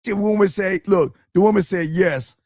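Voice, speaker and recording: A brash male host with a fairly high voice talks in blunt, profane bursts and mocks his listener. The sound is close and dry. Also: normal speed, darkish tone, no echo. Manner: brash, profane, mocking, emphatic. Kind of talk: crude advice talk.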